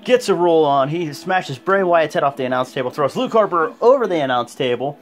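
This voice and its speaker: A man hosting a casual recap video, talking in a loose, excitable way. His voice is somewhat high for a man and swings up and down constantly as he retells the action. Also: fairly quick, hardly any pauses, faint music behind. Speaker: video host.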